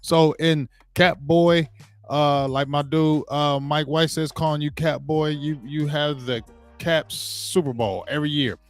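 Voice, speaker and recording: A man's voice: fairly high pitch, steady tone, measured pace, no echo, faint music behind. A man hosting his own sports show, ranting in a heated, repetitive way, restarting words and mocking the people he quotes. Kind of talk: opinionated sports commentary rant.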